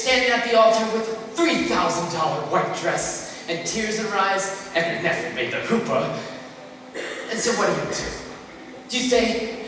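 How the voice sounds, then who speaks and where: A woman's voice: a little high, a bit bright. A young woman in a school musical playing a chatty, wistful male theatre fan who narrates to the audience in a confiding, rambling way. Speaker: student actor. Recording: echoey hall from far off, noisy.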